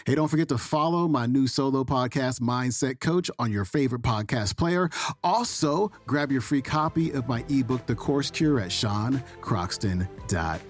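A man hosting a podcast, wrapping up the episode with a brisk, upbeat sign-off. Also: mid-range voice, no room sound. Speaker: podcast host. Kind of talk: podcast outro announcement.

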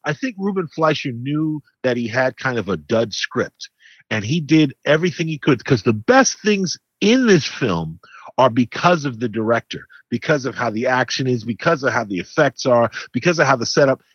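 A man co-hosting a casual movie review chat, measured and thinking aloud with fillers. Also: mid-range voice, very animated, no room sound, muffled recording. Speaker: film critic co-host.

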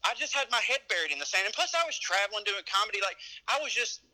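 A man's voice: high voice, expressive, fast, bright, forceful tone, poor audio. A man from Georgia, a comedian, talking in a loose, profane way with lots of filler words. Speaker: comedian guest. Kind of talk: casual conversation.

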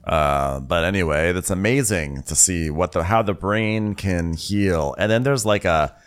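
A man's voice: deep voice, a little slow, clean tone. A man co-hosting a comedy recap podcast, telling stories with lots of animation and exaggerated character voices. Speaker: podcast co-host.

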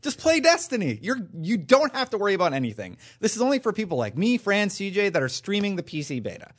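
A fairly high-voiced man chatting on a gaming podcast. His pitch swings widely as he gets excited, and he teases his co-hosts in a loose, casual way. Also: fast. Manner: animated, teasing, voice jumps up when excited. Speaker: podcast co-host.

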